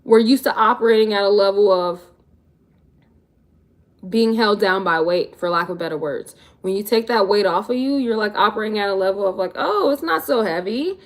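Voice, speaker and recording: A woman vlogger in her twenties fields live chat questions on her stream, keeping it casual and slangy. She has a mid-range voice and talks a little fast.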